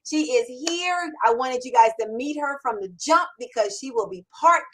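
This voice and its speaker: An upbeat middle-aged woman hosts a live-streamed Q&A, speaking fairly high. She talks with bubbly energy, stacking repeated words for emphasis and sounding excited. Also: normal speed, low-quality recording. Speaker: host. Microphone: camera mic on a livestream.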